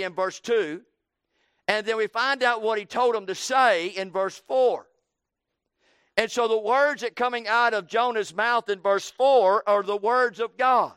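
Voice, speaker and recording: High-voiced emphatic male preacher. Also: unhurried, fairly bright tone, smooth, no echo. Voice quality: emphatic, repetitive rhetorical questions. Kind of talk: evening sermon.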